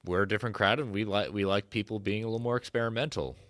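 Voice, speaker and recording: Casting note: man, low voice, dry close sound, halting co-host on a stream. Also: a bit bright, no room sound. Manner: halting, stumbles before getting the point out. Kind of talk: casual chat.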